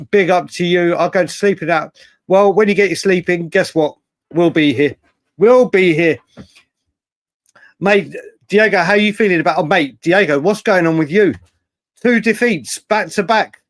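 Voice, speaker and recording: A chatty young man runs a late-night live stream and calls out viewers by name. His voice sits a little high and sounds close and dry, with no room echo. He laughs easily between his rapid thoughts. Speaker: livestream host. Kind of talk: casual live-stream chat.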